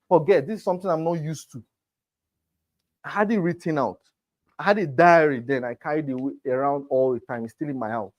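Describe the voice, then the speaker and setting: A real estate sales trainer delivers a motivational class lecture, speaking emphatically and directly to his students. His voice sits on the high side and has a slightly mellow quality.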